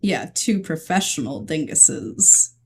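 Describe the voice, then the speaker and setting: A woman's voice: low voice, sing-song, takes it slowly, darkish tone, slight background noise. A woman co-hosting a podcast from a room at home, chatting casually with short replies and frequent laughs. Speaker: podcast co-host. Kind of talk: casual chat.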